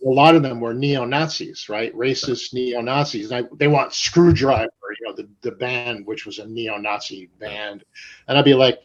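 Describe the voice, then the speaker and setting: A man's voice: medium pitch, fairly even intonation, moderate pace, lo-fi sound. A man in his sixties, a guest tattoo artist, telling profane stories casually in an interview and acting out the voices in them.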